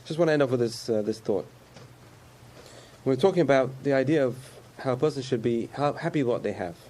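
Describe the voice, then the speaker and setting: A man's voice: medium pitch, fairly quick, darkish tone. A man giving a conversational sermon about faith, repeating phrases and chuckling often.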